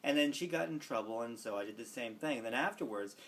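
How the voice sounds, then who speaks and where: A man's voice: mid-range voice, lively intonation, fast. Young guy telling a heartfelt story, medium voice, a little hiss in the background. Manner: earnest, reflective, with soft quoted asides. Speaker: student teacher. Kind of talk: personal storytelling.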